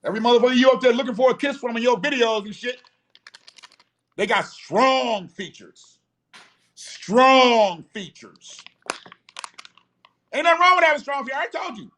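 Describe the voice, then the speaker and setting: A man's voice: very high voice, rapid-fire, hardly any pauses, a bit bright. Blunt, profane man ranting on a live stream. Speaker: host of a live show.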